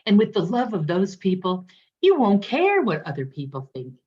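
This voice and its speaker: A woman voicing a gentle, kindly old wise man who speaks calmly. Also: medium pitch, moderate pace, husky. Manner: calm and gentle. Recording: dull lo-fi recording.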